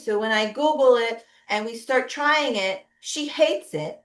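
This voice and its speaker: A woman's voice: on the high side, measured pace, hardly any pauses, echoey room. A middle-aged woman, a pediatric physical therapist, giving a conversational webinar talk with frequent tag questions. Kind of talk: webinar presentation.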